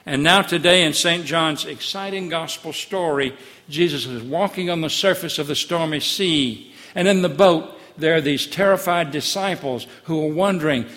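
A man preaching a sermon as pastor, emphatic, repeating key phrases and sinking to a soft hush. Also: on the high side, big-room sound.

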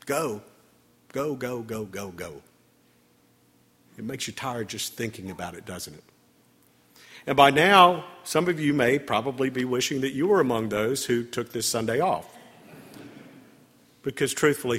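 A man with a husky, slightly breathy voice delivers a Sunday sermon, speaking to his congregation in a relaxed, conversational way with touches of humor. His words ring out with a long church reverb. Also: medium pitch, unhurried, pauses often. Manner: conversational, gently humorous preaching. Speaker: priest. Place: church sanctuary.

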